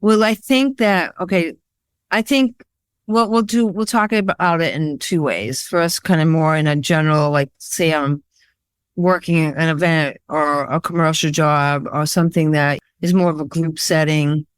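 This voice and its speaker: A woman photographer being interviewed, talking in a rambling, animated storytelling way with lots of fillers. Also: deep voice, a little slow, clean tone, dry recording, studio quality. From Worcester, Massachusetts area. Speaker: guest, photographer. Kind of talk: casual interview chat.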